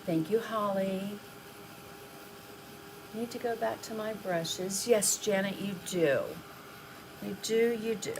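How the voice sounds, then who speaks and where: A woman's voice: medium pitch, fairly even intonation, takes it slowly, long pauses, background noise. A woman art instructor chatting through a live painting tutorial, thinking aloud as she works and thanking viewers for their comments.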